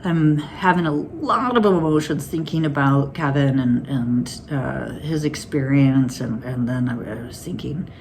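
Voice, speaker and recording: A woman's voice: very deep voice, a little slow, few pauses, a little mellow, slight background noise. A woman vlogging to her phone camera in a candid, rambling way, laughing through anxious stories. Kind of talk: casual personal vlog.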